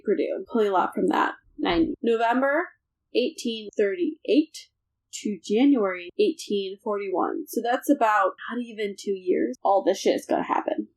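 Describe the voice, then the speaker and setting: A young woman hosting a casual history podcast, telling the story in an animated way and mocking the people in it with quoted voices. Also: mid-range voice, rough recording. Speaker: podcast host.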